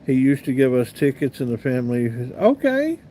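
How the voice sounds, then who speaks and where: Man, 50s, talk host, casual anecdotal storyteller, middle pitch, faint background hiss. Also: level tone, fast talker, mellow. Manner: chatty, rambling anecdotal delivery with asides to viewers. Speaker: radio talk show host. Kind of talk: casual live-stream storytelling, reading chat comments.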